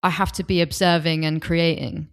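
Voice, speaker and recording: Low-voiced woman, podcast guest. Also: little pitch movement, moderate pace, clean tone. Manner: open, enthusiastic, with restarts. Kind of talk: casual conversation. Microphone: desk microphone.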